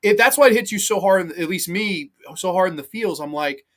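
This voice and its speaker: A man hosting a casual film-review stream, his voice bright and forceful. He talks excitedly, swears freely and drops in live chat comments. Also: sits high, brisk. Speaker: podcast host.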